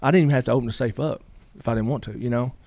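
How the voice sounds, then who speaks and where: A man's voice: medium pitch, very fast, warm tone, no room sound. A man, a guest telling a long story in a casual interview, rambling with lots of "you know" asides.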